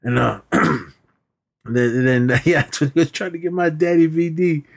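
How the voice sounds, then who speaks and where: A man's voice: a little high, fairly even intonation, a little slow, vocal fry. A man co-hosting a podcast, retelling a movie plot in a rambling, casual way with many restarts. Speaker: podcast co-host. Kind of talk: casual chat.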